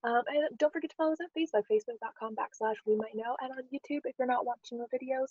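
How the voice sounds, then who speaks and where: A woman co-hosting a podcast, chatting casually and telling stories in an animated way, with lots of "like"s. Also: fairly high pitch, rapid-fire, dry recording, lo-fi sound. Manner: chatty, animated storyteller with many "like"s. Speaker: podcast co-host. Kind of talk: casual chat.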